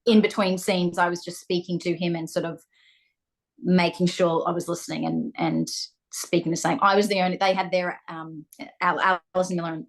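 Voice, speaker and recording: A young woman with an Australian accent, chatting as an interview guest and often pausing with ums and restarts. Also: fairly low pitch, level tone. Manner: hesitant, restarts, frequent ums. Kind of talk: casual interview chat.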